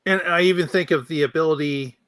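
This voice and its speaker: A man co-hosting a podcast, explaining his views in a measured, casual way. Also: a little high, a bit bright, no room sound. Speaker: podcast co-host. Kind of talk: casual panel chat.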